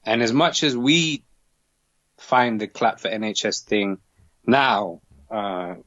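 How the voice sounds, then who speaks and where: A male doctor speaking as a guest in a casual interview, earnest and halting, with many restarts. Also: on the low side, animated, fairly bright tone, no room sound, muffled recording.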